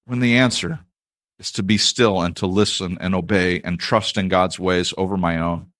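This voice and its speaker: A man's voice: sits low, steady tone, moderate pace, a bit bright. A man preaching a sermon, reading scripture aloud and breaking off into conversational, self-deprecating asides. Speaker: pastor.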